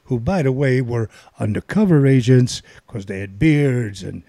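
Older male storyteller, raspy and mellow, dry close sound, animated delivery. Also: medium pitch, unhurried, dry recording. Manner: rambling, animated storytelling with quoted voices. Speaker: guest storyteller. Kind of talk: casual anecdote telling.

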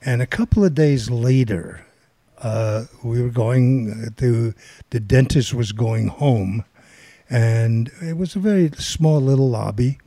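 A man's voice: medium pitch, slow pace, no echo. An older man telling a long rambling anecdote in casual chat, acting out the voices of people in it. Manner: rambling, animated storytelling with quoted voices.

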